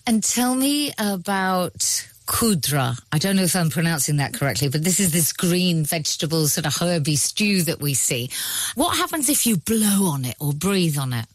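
A woman interviewer with a lowish, very lively voice asks articulate, prepared questions. Her voice sounds dry and close, with almost no room echo. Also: normal speed.

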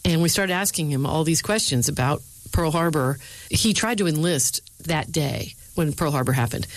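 A middle-aged speechwriter and university lecturer with a notably low voice answers interview questions, telling her stories energetically and doing voices for the people she quotes. The recording is dry, close, and of poor quality.

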